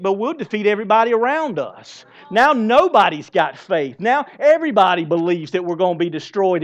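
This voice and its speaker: A man in his forties preaching a sermon in a conversational way, asking the congregation questions and swinging between loud emphasis and hushed asides. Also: sits high, muffled recording. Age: 40s. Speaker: pastor.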